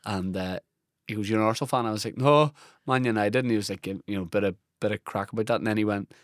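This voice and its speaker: A Northern Irish comedian telling self-deprecating stories in a relaxed podcast chat. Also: male voice, fairly low pitch, fast talker, no echo, clean studio sound. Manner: self-deprecating, laid-back storytelling. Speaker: comedian guest.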